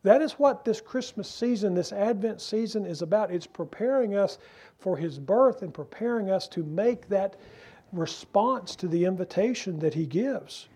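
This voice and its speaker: A man preaching a sermon as pastor, earnest and emphatic, asking rhetorical questions and slowing down to stress key phrases. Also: high-pitched, lively intonation, dark tone, husky.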